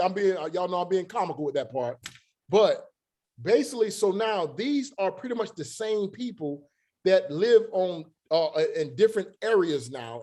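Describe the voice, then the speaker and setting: A man teaching a Bible study in a relaxed, conversational way, with joking asides and slow, drawn-out emphasis. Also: high-pitched. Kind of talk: casual scripture teaching.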